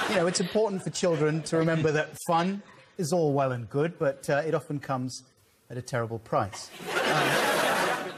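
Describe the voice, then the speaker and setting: A man in his forties, a dictionary corner guest, doing a deadpan, mock-earnest comic monologue. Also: a little high, heavy background noise. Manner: dry, mock-earnest, flustered bursts at a child.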